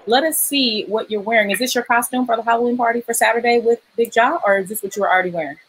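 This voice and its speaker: A woman's voice: fairly high pitch, fast, a bit bright, slight background noise, poor audio. A woman hosting a livestream dating game show, playful, laughing often and reading out donations. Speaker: host.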